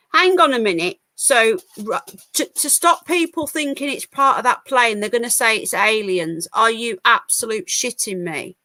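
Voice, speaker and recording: A woman's voice: a little high, fairly bright tone, no echo. Chatty woman livestreaming, dry close sound. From United Kingdom. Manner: chatty, wry asides, stumbles over words while reading. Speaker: livestream host. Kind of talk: casual live-stream chat, reading news and chat comments.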